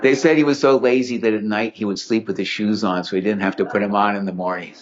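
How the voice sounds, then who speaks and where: Male speaker, low voice, witty anecdotal talk, muffled lo-fi recording. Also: steady tone, quick pace. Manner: witty, chuckling storyteller acting out quotes. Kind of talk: humorous anecdotal storytelling talk. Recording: dull lo-fi recording.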